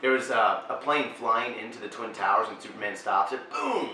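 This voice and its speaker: A man on a comedy podcast, excitable and jokey, acting out quotes in his stories. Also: lowish voice, moderate pace, roomy sound, far from the mic, a little hiss or hum, rough recording. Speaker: podcast co-host. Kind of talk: casual comedy chat.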